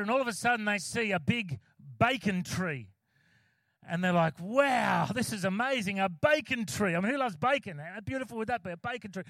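Aussie pastor guy chatting thru a sermon, lots of uhs and jokes, highish voice, dry close sound. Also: fairly bright tone, no echo. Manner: chatty, joking, with many fillers and restarts. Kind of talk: casual sermon.

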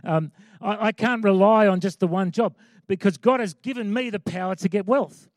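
A man's voice: sits high, normal speed, dry recording, clean studio sound. A man preaching a sermon as pastor, conversational with emphatic repeated lines.

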